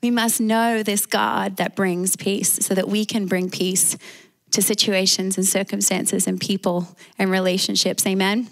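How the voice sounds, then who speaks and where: A woman pastor with an Australian accent preaches a sermon, calling out for amens from the congregation in a call-and-response style. Her voice is mid-range and a bit bright.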